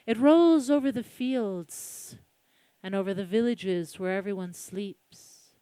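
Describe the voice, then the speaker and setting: A Colombian woman telling a spooky folk tale aloud, hushed and dramatic, with suspenseful pauses. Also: mid-range voice, clean tone. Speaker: storyteller. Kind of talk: live oral storytelling.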